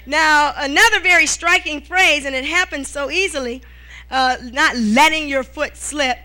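A middle-aged woman preaches a sermon in a high, bright voice. She punctuates her points with amen and hallelujah and checks in with the congregation by asking "all right?" Her delivery is lively and conversational. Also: a little slow.

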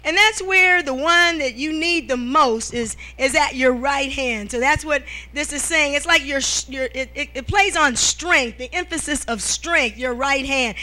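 A middle-aged woman preaches a sermon in a high, bright voice. She punctuates her points with amen and hallelujah and checks in with the congregation by asking "all right?" Her delivery is lively and conversational. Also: measured pace.

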